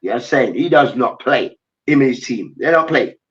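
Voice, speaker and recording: A man's voice: medium pitch, animated, brisk, distant mic, muffled recording. A man co-hosting a casual sports chat, swearing and slangy, acting out quotes. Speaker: podcast co-host.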